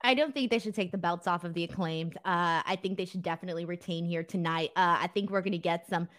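A woman co-hosting a casual wrestling podcast, playful and quick to laugh as she reads out viewer comments. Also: on the low side, fairly bright tone. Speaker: podcast co-host.

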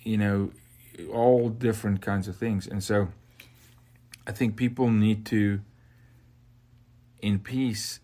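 A man's voice: lowish voice, steady tone, takes it slowly, long pauses, mellow. A man hosting a faith podcast, speaking in an impassioned, exhorting way. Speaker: podcast host.

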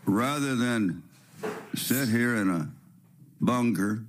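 A man hosting a spiritual radio show, with a raspy voice and the sniffles from a cold. He talks in a preachy, rambling way, firing rhetorical questions and restarting his sentences. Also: mid-range voice, animated, takes it slowly, slight background noise.

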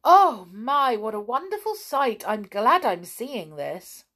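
A woman's voice: mid-range voice, animated, slow pace, creaky, husky, exaggerated voice. A woman doing a curious little boy. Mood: delighted. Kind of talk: storybook reading.

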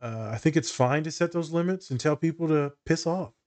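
A man's voice: on the high side, a little fast, a little mellow. A man co-hosting a casual podcast, chatting loosely with laughter and plenty of swearing. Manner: laughing, profane, joking banter. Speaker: co-host, therapist.

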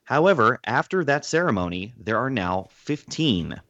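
A man's voice: mid-range voice, big pitch swings, a bit bright. Lo-fi male trivia quizmaster. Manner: measured, reads questions slowly and deliberately. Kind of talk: reading trivia questions on a podcast. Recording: dull lo-fi sound.

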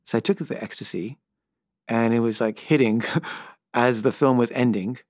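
A man's voice: mid-range voice, fairly even intonation, normal speed, darkish tone, no echo, studio quality. Rambling middle-aged man telling a story. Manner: loose and rambling, full of "like" and "kinda"; stammers and repeats himself when flustered. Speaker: filmmaker. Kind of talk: casual spoken anecdote.

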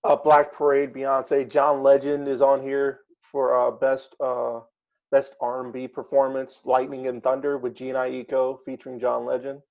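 Man, casual co-host, halting delivery with lots of fillers, mid-pitched voice, dull low-fi sound. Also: completely flat delivery, vocal fry. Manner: hesitant, many fillers while reading lists. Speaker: podcast co-host. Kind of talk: casual chat.

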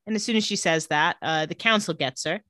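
A woman's voice: lowish voice, a little fast, no echo. A woman co-hosting a casual podcast, recapping an episode with lots of laughter and playful asides. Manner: lively, giggly, acts out quoted lines.

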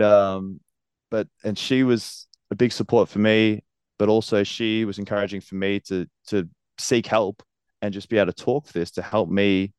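A man's voice: low voice, a little mellow, smooth, no room sound. A man, a professional wrestler speaking earnestly in a casual interview and laughing often.

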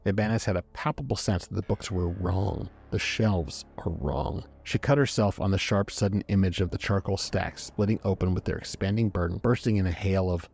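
A man narrating a story aloud in a measured, dramatic reading. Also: deep voice, creaky, darkish tone, a little hiss or hum. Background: faint background music.

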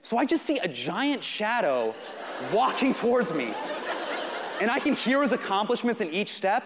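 A man doing stand-up, telling a self-mocking story in an animated way with acted-out quotes. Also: high voice, normal speed. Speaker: stand-up comedian. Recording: live stage mic with audience noise. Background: audience crowd noise.

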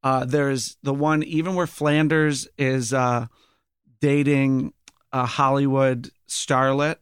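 A man's voice: mid-range voice, flat delivery, slow, clean tone, dry recording, studio quality. A man in casual podcast chat, retelling scenes animatedly and acting out bits of dialogue. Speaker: podcast panelist.

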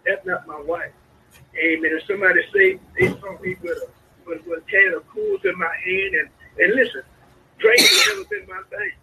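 A man preaching a sermon, a pastor calling out to his congregation with sudden high swoops in his voice. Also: wildly swooping pitch, brisk, pushed and bright, slight background noise. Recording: lo-fi radio broadcast sound.

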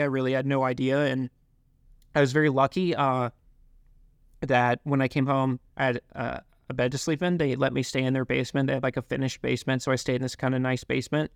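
A young man telling his life story in an interview, halting, with many fillers and restarts. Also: medium pitch, smooth, no room sound, clean studio sound. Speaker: guest. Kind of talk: reflective interview talk.

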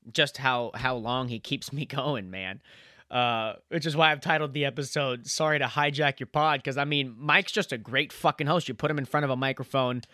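A man's voice: medium pitch, pushed and bright, no echo, studio quality. A young man hosting a casual podcast, talking loosely, swearing and laughing often. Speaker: podcast host.

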